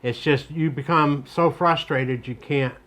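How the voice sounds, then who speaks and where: A middle-aged man, a machine technician, calmly giving plain-spoken advice in a casual chat. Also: fairly high pitch, a little slow.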